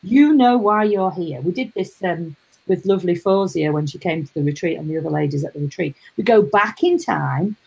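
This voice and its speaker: A middle-aged woman hosting a casual live chat, rambling warmly and greeting viewers. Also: lowish voice, gravelly, slightly rough, rough recording. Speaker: host.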